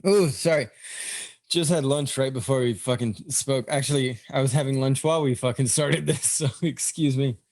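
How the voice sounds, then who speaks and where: A man's voice: mid-range voice, moderate pace, darkish tone, no room sound, clean studio sound. Rambling, cussing podcast guy. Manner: rambling, profane, many fillers and restarts. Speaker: podcast co-host. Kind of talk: casual chat.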